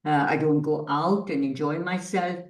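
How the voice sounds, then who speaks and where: A woman's voice: low voice, fairly even intonation, moderate pace. Woman teacher leading a workshop, thoughtful and questioning, recorded from a distance in a roomy space. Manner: reflective, poses rhetorical questions. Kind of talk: online workshop talk. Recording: roomy echo, distant from the mic.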